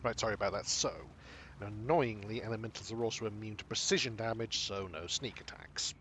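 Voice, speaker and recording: A man's voice: fairly low pitch, brisk, fairly bright tone, slight background noise. A man thinking aloud as he plays a video game, hesitant with many fillers. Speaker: streamer playing a video game. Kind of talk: casual gameplay commentary.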